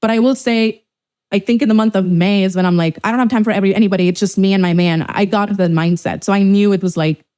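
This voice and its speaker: A young woman hosting a podcast in casual chat, talking fast and loose, swearing freely and acting out what others said. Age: young adult. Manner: animated, swears freely, acts out quoted people in a higher voice. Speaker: podcast host.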